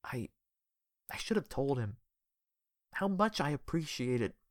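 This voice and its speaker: A woman voicing a soft-spoken, subdued grown man. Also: rumbling low, sing-song, unhurried, dry recording, studio quality, voice pushed up, full character voice. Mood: sad. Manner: quiet, subdued. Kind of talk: audiobook character voice.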